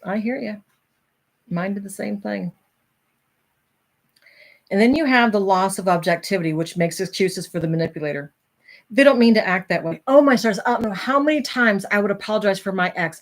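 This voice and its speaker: A woman's voice: medium pitch, moderate pace. A middle-aged woman hosting a casual talk, reading from a self-help book and chatting candidly with her viewers.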